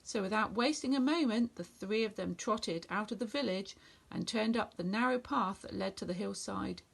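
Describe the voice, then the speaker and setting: A woman reading a children's story aloud in a gentle, expressive way. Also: medium pitch, normal speed, gravelly, husky.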